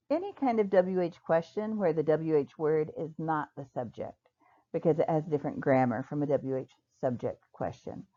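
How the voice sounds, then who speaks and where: Woman, ESL teacher, patient, slow on examples; mellow lowish voice, muffled lo-fi audio. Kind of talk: recorded online lecture. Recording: dull lo-fi recording.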